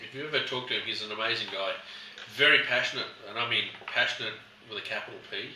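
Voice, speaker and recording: A man's voice: fairly low pitch, quick pace, sharp tone. A man presenting a casual wine tasting in a shop, telling stories and acting out customers. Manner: chatty storyteller, acts out customers. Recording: echoey room, mic at a distance, background noise.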